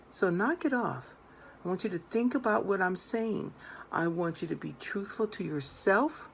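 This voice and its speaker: Gravelly, earnest woman tarot reader. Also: on the low side, darkish tone, slight background noise. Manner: earnest, emphatic, addresses viewers directly. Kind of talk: direct-to-camera advice monologue.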